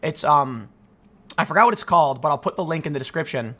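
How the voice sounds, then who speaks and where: A man hosting a commentary show, ranting to his audience in an emphatic, animated way. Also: a little high, fast talker. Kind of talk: opinion rant to camera.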